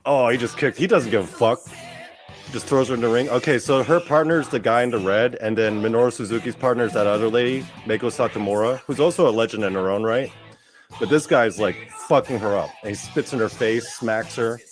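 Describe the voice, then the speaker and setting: A man hosting a show, giving casual, profane, excitable commentary as he watches a clip. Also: medium pitch, fairly quick, faint music behind. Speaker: podcast host.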